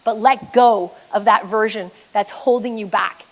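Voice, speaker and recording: A woman's voice: mid-range voice, fairly even intonation, a little slow, rough recording. A Canadian woman giving a motivational keynote as a business coach, emphatic and blunt, with some swearing. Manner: emphatic storyteller, blunt and profane.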